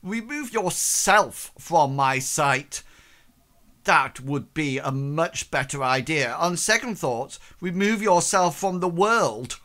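A furious, imperious noblewoman, as a man puts her on in a tabletop game. Her voice climbs high and rings out loud and cutting. The tone stays bright and sharp, full of disdain. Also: expressive, slow, exaggerated voice. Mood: outraged. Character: haughty noblewoman, imperious and scornful.

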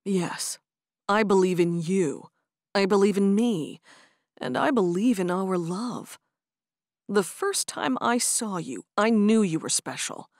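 A woman reading the part of a smitten young man in an audiobook, speaking softly and tenderly. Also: medium pitch, animated, slow pace, dry recording, clean studio sound. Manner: soft, tender, pleading.

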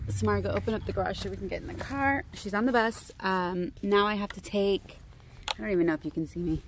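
A woman talks through her family morning for a vlog. She switches between chatting to the camera and firmly guiding her small child. Street noise sits clearly behind her voice. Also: mid-range voice, fast. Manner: chatty, scolding then coaxing her toddler. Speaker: vlogger and mother. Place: outdoors by a street.

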